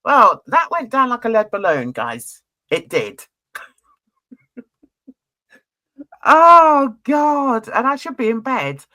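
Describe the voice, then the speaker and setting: Gossipy woman chatting about a reality show, bright voice, swings way up and down, blunt and cheeky, keeps laughing. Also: on the high side, a little slow. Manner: gossipy, animated, laughs often; blunt, uses cheeky slang. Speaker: reality TV reviewer. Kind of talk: casual commentary.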